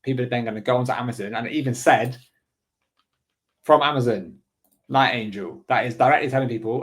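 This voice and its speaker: A man at an ordinary mid pitch talks viewers through a casual screen-share walkthrough. He thinks aloud as he goes, chatty and informal. He checks in often with quick "right?" asides. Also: a bit bright. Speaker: online business coach.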